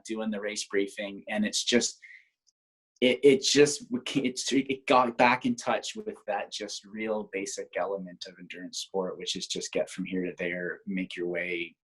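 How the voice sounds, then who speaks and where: A man's voice: lowish voice, steady tone, moderate pace, breathy edge, rough recording. A Canadian man in his forties, a guest on a video-call interview, telling reflective stories with frequent restarts. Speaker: guest, former Olympic triathlete. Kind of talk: casual conversational interview.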